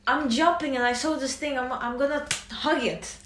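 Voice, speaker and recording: High-voiced young woman telling a story. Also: moderate pace, reverberant, a little hiss or hum. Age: young adult. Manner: animated, laughs through her story. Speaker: university student. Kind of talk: casual storytelling among friends.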